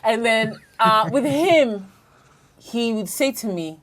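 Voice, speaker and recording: A woman's voice: a little high, takes it slowly, a crowd in the background. A married woman on a talk show panel, chatting candidly about arguments and acting out what was said, often laughing. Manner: animated, laughing, acts out quoted arguments. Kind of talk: candid casual panel chat.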